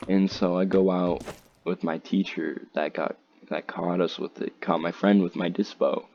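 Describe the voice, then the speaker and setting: A man's voice: low voice, level tone, moderate pace, darkish tone, highs cut off, a little hiss or hum. A teenage boy casually telling a rambling, slangy story, acting out what others said in raised voices.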